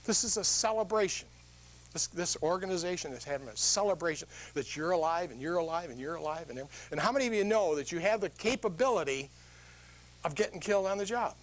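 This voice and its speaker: A man's voice: sits high, a little fast. An older man giving a humorous motivational talk to a live audience, telling stories and asking the crowd questions. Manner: animated storytelling, quizzes the audience with questions. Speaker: motivational speaker.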